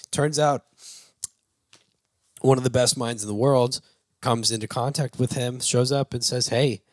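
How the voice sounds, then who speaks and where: A man's voice: mid-range voice, steady tone, unhurried, dry recording, studio quality. A man hosting a movie review show, recapping a film's plot in a loose, rambling way with lots of fillers and restarts, and laughing now and then. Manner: laughs while talking.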